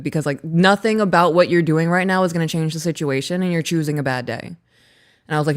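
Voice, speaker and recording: A woman in her thirties, co-hosting a casual chat and telling a story in an animated way, laughing as she talks. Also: deep voice, fairly quick. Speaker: podcast co-host.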